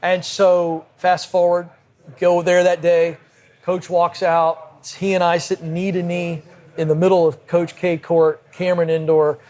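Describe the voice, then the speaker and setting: A man, a podcast guest, telling a vivid personal anecdote in brisk conversational style at a cigar lounge. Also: high voice, little pitch movement, a little mellow. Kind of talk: animated storytelling in conversation. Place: cigar lounge with a group present.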